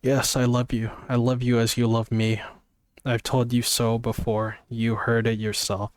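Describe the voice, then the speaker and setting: A man voicing an emotional young woman in love, reading in an earnest, halting way from a novel. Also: mid-range voice, little pitch movement, clear, resonant tone, no echo, clean studio sound, close to an everyday voice. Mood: pleading. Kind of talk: amateur book reading.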